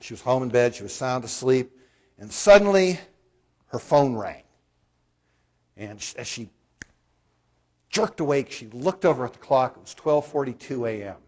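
A man with a husky, slightly breathy voice preaching to his congregation. He tells a story in plain, conversational terms and keeps putting questions to the listeners. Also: mid-range voice, animated, moderate pace, long pauses, darkish tone. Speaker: pastor. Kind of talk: sermon.

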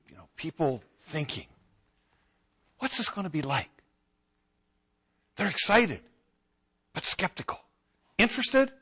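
A man's voice: a little high, sharp tone, husky. A man preaching a conversational sermon and now and then acting out the voices of townspeople.

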